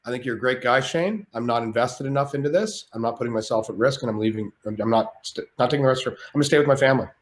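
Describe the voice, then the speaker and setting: A man's voice: mid-range voice, racing, hardly any pauses, roomy sound, a little hiss or hum, lightly acted. A man voicing his fed-up young girlfriend with blunt, exasperated lines. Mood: resolved.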